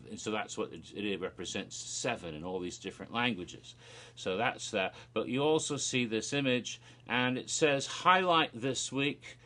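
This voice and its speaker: Bright-voiced man retelling a teaser. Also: lowish voice. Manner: animated, rambling, with fillers and restarts. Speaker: theme park vlogger. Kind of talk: casual retelling of a promo video.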